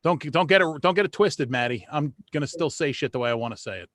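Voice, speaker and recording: A man's voice: a little high, expressive, fast talker, a bit bright, dry recording, studio quality. A man hosting a casual talk show, blunt and profane, often restarting his words. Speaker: podcast host. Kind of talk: casual chat.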